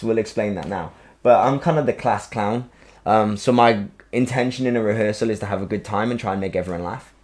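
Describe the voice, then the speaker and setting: A man, hosting a podcast and telling a story in a casual, animated way, acting out quotes and swearing freely. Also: fairly low pitch, brisk. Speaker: podcast host. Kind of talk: casual chat.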